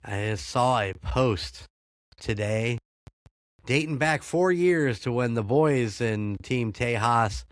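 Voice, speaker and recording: A man's voice: mid-range voice, slow, no room sound, studio quality. An American man hosting a podcast, chatting casually, swearing freely and laughing often. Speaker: podcast host. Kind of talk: casual chat.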